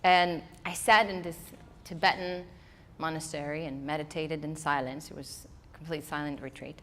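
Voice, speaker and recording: A woman who is not a native English speaker, giving a lively storytelling motivational talk to a live audience. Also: low voice, moderate pace, slight background noise. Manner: animated storytelling, acting out her own inner voice. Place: event hall before a live audience.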